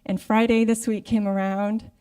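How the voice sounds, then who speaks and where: A middle-aged woman preaches in a relaxed, conversational way, acting out her own thoughts as she speaks. Her voice is mellow and warm. She is picked up from a distance by the mic in a church sanctuary. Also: mid-range voice, moderate pace, smooth. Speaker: guest speaker. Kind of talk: sermon.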